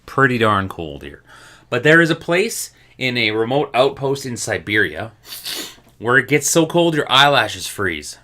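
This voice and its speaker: A man from Canada chatting casually as a co-host, his pitch swinging widely with a bright, forceful edge. He is animated, swears freely and acts out quoted lines in high voices. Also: unhurried. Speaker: podcast co-host. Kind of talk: casual news chat.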